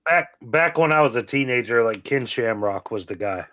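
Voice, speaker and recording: A man chatting casually as a guest, relaxed and easygoing. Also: medium pitch, normal speed, dry recording. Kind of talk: casual chat.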